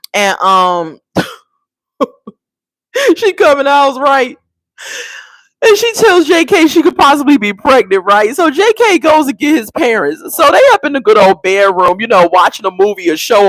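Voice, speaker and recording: A woman in her forties recaps a reality show with blunt, sassy storytelling. Her pitch swoops up and down as she talks. The sound is dry and close, with no room echo. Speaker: reality TV reviewer. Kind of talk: casual recap commentary.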